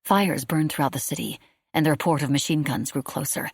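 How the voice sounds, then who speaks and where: Low, husky woman narrating an audiobook. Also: no room sound, clean studio sound. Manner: steady, measured storytelling.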